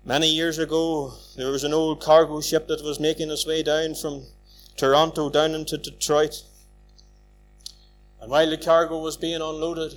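Fervent preacher, high voice. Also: male voice. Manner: fervent, swings from hushed pleading to loud urging. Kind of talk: evangelistic sermon.

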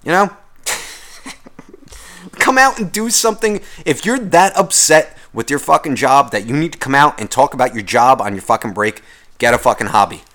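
A man's voice: medium pitch, a little fast, a bit bright. A man hosting a podcast, delivering a sarcastic, profanity-laced comedic rant. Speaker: podcast host.

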